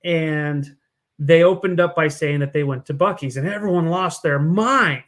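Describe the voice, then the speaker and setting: A man's voice: fairly high pitch, a bit bright. Easygoing man co-host. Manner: easygoing, chuckling, halting with fillers. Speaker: podcast co-host, chef. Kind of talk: casual chat.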